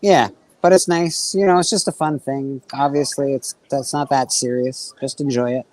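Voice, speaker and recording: A man's voice: medium pitch, fairly even intonation, moderate pace, a little mellow, no echo, poor audio. A man hosting a casual livestream, chatting loosely and reading out questions from the chat. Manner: laid-back, chatty, reads out chat questions. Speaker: host.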